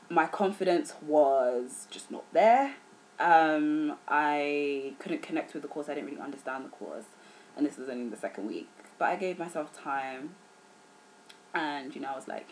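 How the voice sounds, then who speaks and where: Earnest low-voiced young woman. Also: low-quality recording. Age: young adult. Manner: earnest, serious, animated retellings with filler words. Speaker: vlogger. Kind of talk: casual chat to camera.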